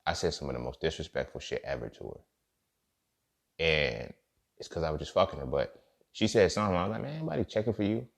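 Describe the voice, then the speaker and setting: Low-voiced guy rambling casual, slangy and cussing a lot, keeps saying you feel me. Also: animated, a little fast, creaky, long pauses. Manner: loose, slangy and profane, with frequent "you feel me" check-ins. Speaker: podcast host. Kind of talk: casual storytelling monologue.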